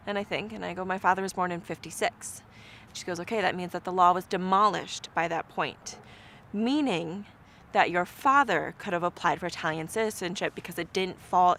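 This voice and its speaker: A woman's voice: on the low side, a little hiss or hum. A woman telling a personal story in an interview, acting out what people said to her. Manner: animated, acts out quoted dialogue.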